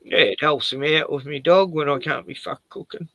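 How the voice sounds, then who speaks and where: A man's voice: fairly high pitch, moderate pace, fairly bright tone, no room sound. A man chatting casually on a home stream, crude and joking, swearing freely. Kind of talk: casual chat. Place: home at night, door open to yard.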